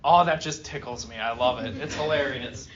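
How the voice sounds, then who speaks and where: A man's voice: mid-range voice, normal speed, a crowd in the background. Guy professor teaching class, reads a passage then jokes around with students, kinda muffled recording. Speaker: philosophy professor. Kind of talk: classroom lecture, reading aloud and asking students. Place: university classroom.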